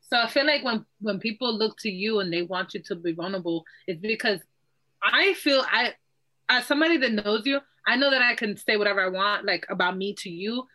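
A woman's voice: mid-range voice, lively intonation, a little fast, bright, forceful tone, low-quality recording. A young woman co-hosting a casual podcast chat, open and talkative, freely sharing about herself. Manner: open, chatty, oversharing. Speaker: podcast co-host.

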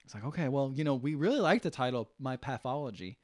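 A man's voice: medium pitch, expressive, fast talker, a little mellow, dry recording, clean studio sound. A man co-hosting a casual podcast, recapping a film and acting out the characters' lines, swearing freely. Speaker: podcast co-host. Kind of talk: casual movie recap chat.

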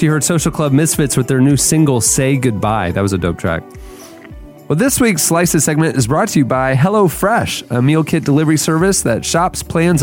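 A man's voice: medium pitch, a little mellow. A man hosting a podcast, running segments and reading an ad in an upbeat, casual way. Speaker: podcast host. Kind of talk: casual podcast chat and read ads.

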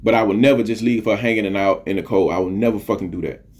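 A middle-aged podcast host with a lowish, darkish voice talks fast through an earnest, preachy motivational monologue. He repeats phrases for emphasis and swears casually.

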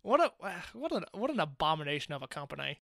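High, bright-voiced opinionated man. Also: fast, gravelly, dry recording, studio quality. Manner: opinionated, animated, wry. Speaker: podcast co-host. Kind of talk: casual wrestling review chat.

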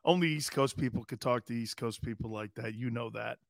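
A man hosting a sports talk radio show, telling rambling, animated stories with sudden loud bursts. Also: medium pitch, a little fast, gravelly, dry recording, studio quality.

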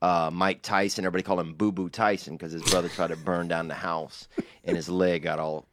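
A man's voice: deep voice, fairly even intonation, brisk, a bit bright. A young man co-hosting a podcast, telling stories in a laid-back, profane way full of "bro" and "dude". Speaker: podcast co-host. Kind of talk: casual storytelling chat.

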